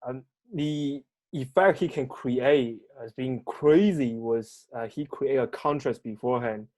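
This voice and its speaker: Calm male co-host. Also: mid-range voice, no room sound. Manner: measured, plain grammar slips. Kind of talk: casual discussion.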